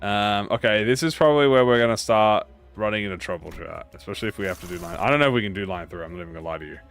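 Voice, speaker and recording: Rapid-fire and a bit bright, this streamer's voice sits on the low side as he casually addresses his chat mid-game. He rambles, mocks himself and swears freely throughout the live-stream commentary, with faint music behind.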